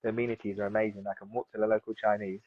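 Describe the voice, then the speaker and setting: A man's voice: fairly low pitch, level tone, very fast, no room sound. A man in his thirties from South London, chatting casually as an interview guest, rambling with lots of fillers and restarts. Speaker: guest, seaweed farmer. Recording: dull lo-fi sound.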